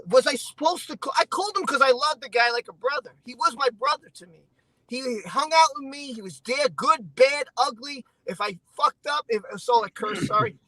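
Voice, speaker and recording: A man speaks in a bright, high voice, heated and emotional as he vents on a live stream. He keeps repeating himself. The sound is dry and close. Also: no echo, rough recording. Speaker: stream guest. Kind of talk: casual chat.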